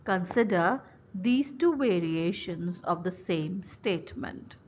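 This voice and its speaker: A woman professor with an Indian English accent delivers a lecture at a slow, measured pace, setting out each point separately. Her voice sits at an ordinary middle pitch. The recording sounds a little muffled, with faint noise underneath. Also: expressive. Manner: slow, deliberate, lists items one by one. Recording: slightly dull recording with faint background noise.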